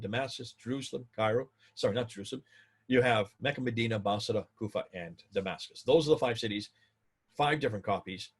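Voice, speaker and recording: A man delivering a lecture in a husky voice that swings widely up and down in pitch. He hammers his points home by repeating them, talks straight to his audience and builds to excited highs. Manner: emphatic, repeats points, rising to excited peaks; addresses viewers directly.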